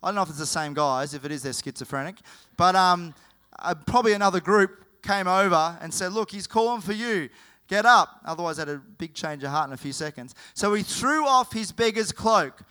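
A male preacher tells a story with animated energy, his voice bright and forward. He speaks crisply and cleanly, stopping now and then to correct himself. The pitch sits a little on the high side for a man. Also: fairly quick. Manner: animated, with frequent self-corrections. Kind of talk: sermon storytelling.

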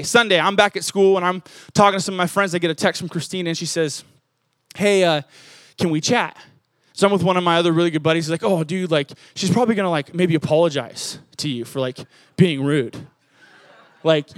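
A young man with a high, light voice delivers a sermon in a chatty, storytelling way, full of fillers, getting louder and higher when the story gets exciting. The sound is dry and close, with no room echo. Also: a little fast. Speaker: preacher.

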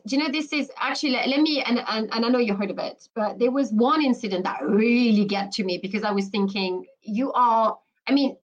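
A woman's voice: on the high side, rough recording. A woman talking as a guest on a podcast interview, emphatic and full of restarts and "you know" fillers. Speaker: guest commentator.

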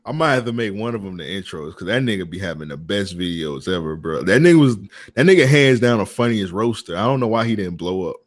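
A man's voice: fairly low pitch, animated, a little fast. Laid-back laughing podcast host, a man. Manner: loose storytelling, laughs often, slangy. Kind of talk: casual podcast banter.

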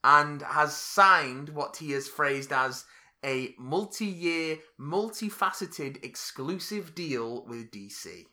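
A man's voice: on the high side, expressive, slow, pushed and bright. A man in his twenties co-hosting a casual podcast, enthusiastic and swearing freely. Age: 20s. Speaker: podcast co-host. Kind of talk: casual comics chat.

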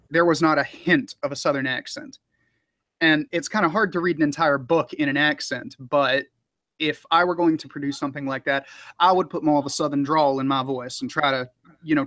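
A man's voice: fairly high pitch, dry recording. A man who narrates audiobooks, talking casually in an interview with many fillers and small laughs. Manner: relaxed, rambling, frequent fillers and laughs.

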